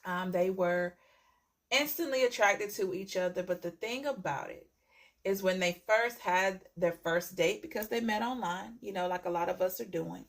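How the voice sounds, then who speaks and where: A woman's voice: mid-range voice, moderate pace. A woman tarot reader telling a story to her viewers in a chatty way, often checking in with "okay?" and repeating phrases.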